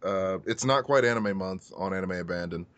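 A man hosting a podcast in casual chat, wry and halting, often repeating himself and laughing. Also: low voice, a bit bright, clear, resonant tone, dry recording. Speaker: podcast host.

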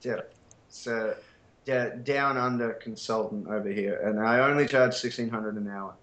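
A man's voice: on the low side, moderate pace, fairly bright tone. An Australian man chatting as a podcast guest, rambling and wry, poking fun at himself with lots of ums and uhs. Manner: rambling, wry and self-mocking, with many fillers. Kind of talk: casual chat. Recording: roomy echo.

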